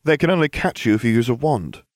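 A man plays a cocky teenage wizard who teases his friends. The voice bounces with lively pitch. It is recorded close and dry. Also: fast talker, no echo, lightly acted. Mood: smug. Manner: smug, teasing.

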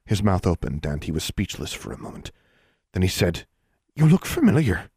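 A man reading a fantasy story aloud in a steady, measured way. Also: sits low, vocal fry, husky, no echo, clean studio sound. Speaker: audiobook reader. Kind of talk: storybook narration.

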